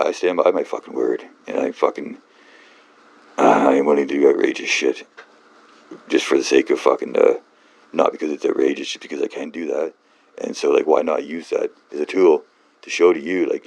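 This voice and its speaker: A man with a very deep, gravelly voice goes off-script on his book channel, ranting in a halting, rambling way. He swears often and mocks himself, and there's no room sound in the recording.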